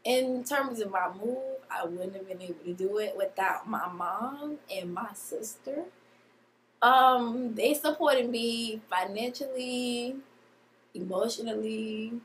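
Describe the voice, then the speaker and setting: Vlogger, young woman, tearful and halting, slow delivery, faint room noise behind. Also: a little high, low-quality recording. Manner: halting, emotional, many fillers and restarts. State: tearful, crying. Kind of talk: emotional storytime vlog.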